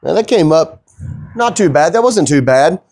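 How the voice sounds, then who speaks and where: A man's voice: fairly high pitch, animated, normal speed, a little mellow, dry recording. A middle-aged man, the owner of a fabrication shop, talking casually in a rambling, folksy way as he works. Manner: easygoing, rambling, folksy talk.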